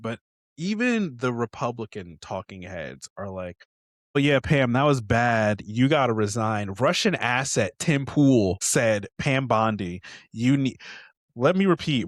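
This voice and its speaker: Man, podcast co-host, lively swooping pitch, sarcastic, profane, dry sound. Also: dry recording. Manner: expressive, sarcastic, profane, acts out quotes in high voices. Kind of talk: casual chat.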